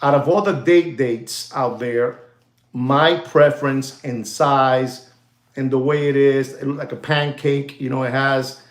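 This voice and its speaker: Speaking at a measured pace with fairly even intonation and a mid-range voice, a watch dealer and market commentator chats about watches and gold. He's repetitive and rambling, scattering "you know"s and Spanish slang, and hypes and jokes with viewers he calls "ladies and gentlemen". A roomy echo colors the recording.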